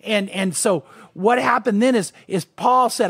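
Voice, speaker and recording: Guy pastor preaching, kinda high voice, earnest, lots of uh and restarts. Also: a little slow, fairly bright tone, husky. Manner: earnest, emphatic, with many restarts and fillers. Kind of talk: sermon.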